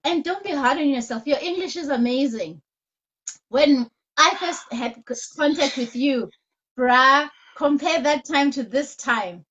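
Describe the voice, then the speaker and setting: Slow-talking woman host on a video call. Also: high voice. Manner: warm, encouraging praise. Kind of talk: online interview chat. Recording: dull lo-fi call audio.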